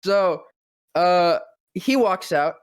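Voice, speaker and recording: Man, voice actor, profane storytelling, animated pitch, unhurried. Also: smooth, no echo, clean studio sound. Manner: profane, breathless, self-mocking storytelling. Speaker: voice actor and guest. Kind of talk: excited anecdote telling.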